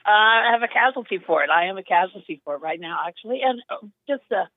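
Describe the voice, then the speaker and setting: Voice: medium pitch, lively intonation, quick pace, no room sound. A caller on a talk show, speaking hesitantly with many ums. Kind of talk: phone call to a talk show. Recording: tinny dry phone line.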